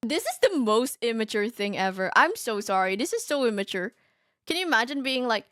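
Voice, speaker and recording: Woman, high voice, giggly, animated, casual reaction streaming, dry close sound. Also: a little fast, no room sound. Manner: giggly and animated, often breaks into laughter. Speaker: VTuber streamer. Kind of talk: casual reaction stream, reading a story aloud.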